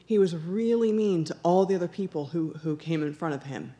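A fairly low, dark-toned voice, animated and a little fast, carries this church member's personal testimony. She tells it with earnest storytelling, acting out the conversations she describes and repeating phrases for emphasis.

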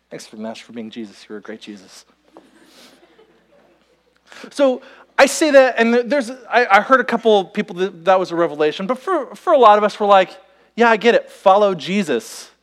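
Animated, high-voiced man preaching. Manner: animated storytelling, quotes himself and others. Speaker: pastor. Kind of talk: sermon with acted-out illustration.

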